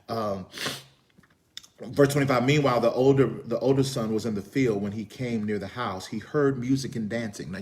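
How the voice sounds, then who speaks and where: Preaching man, hushed to shouting. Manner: swings from hushed whispers to loud, high-pitched storytelling. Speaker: pastor. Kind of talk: sermon.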